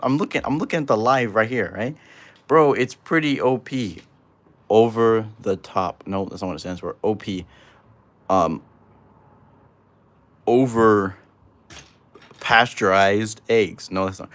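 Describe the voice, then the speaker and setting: A man's voice: lowish voice, fairly bright tone. A man hosting a casual livestream, rambling and joking as he reads chat aloud while building. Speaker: livestream host.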